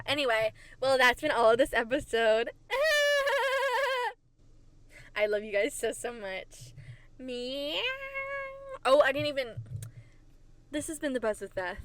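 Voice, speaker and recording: A woman's voice: fairly high pitch, a bit bright. A woman hosting her own podcast, chatting casually and telling rambling stories with lots of giggles and silly, self-mocking asides. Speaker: podcast host. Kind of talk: casual solo podcast chat.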